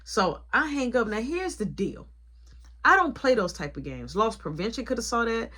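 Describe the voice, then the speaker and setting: A young woman store manager telling a story in an animated, colloquial way. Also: fairly high pitch, normal speed. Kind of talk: casual storytime vlog.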